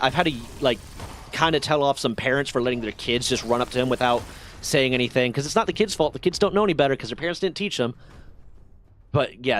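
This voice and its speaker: A man hosting a livestream, telling stories to his chat in a profane, animated way. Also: medium pitch, slight background noise. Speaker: livestream host. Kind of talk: casual storytelling to a stream chat.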